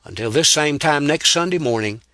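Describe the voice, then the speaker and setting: A man hosting a Sunday radio program, reading a poem in an earnest, measured, softly pleading way. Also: fairly high pitch, lively intonation, no echo, clean studio sound. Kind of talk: slow solemn reading of a poem.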